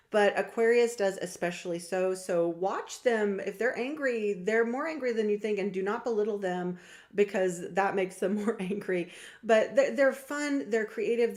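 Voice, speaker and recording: A young woman talking casually to her viewers about star signs, chatty and lively, often acting out what other people say. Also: mid-range voice. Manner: chatty, animated, acts out quoted voices. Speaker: astrology vlogger and reader. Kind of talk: casual talk to camera.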